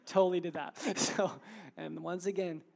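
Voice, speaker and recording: A man's voice: high voice, normal speed, vocal fry. Casual young male preacher. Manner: casual, with filler words and animated retelling. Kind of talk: informal evening sermon.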